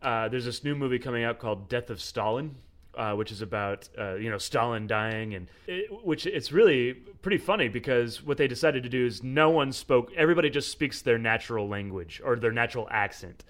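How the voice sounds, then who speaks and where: A man co-hosting a relaxed movie podcast, talking in loose, rambling sentences. His voice sits at an ordinary middle pitch. He fills his thoughts with "like" and "you know" as he works toward his point. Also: brisk. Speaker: podcast co-host. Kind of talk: casual film discussion.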